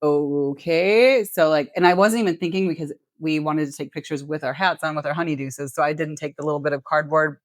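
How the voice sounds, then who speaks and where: A woman with a low-pitched voice tells a story as a podcast host in casual chat. She acts out the dialogue and swears freely. The recording is dry and close-miked. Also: steady tone, fast, hardly any pauses, dry recording.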